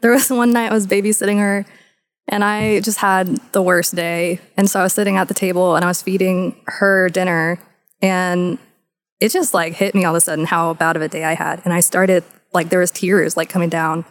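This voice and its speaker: A woman's voice: fairly low pitch, little pitch movement, brisk. A woman co-hosting a casual talk, telling open personal stories with easy laughs and lots of "like" fillers. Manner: candid storytelling, laughs easily, many "like" fillers. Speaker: podcast co-host. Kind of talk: casual discussion.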